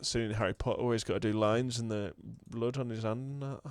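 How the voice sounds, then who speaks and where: A man's voice: medium pitch, normal speed. Mumbly man chatting over gameplay. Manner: relaxed, mumbly, swears, often laughs. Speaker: gaming host. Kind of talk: casual let's-play chat.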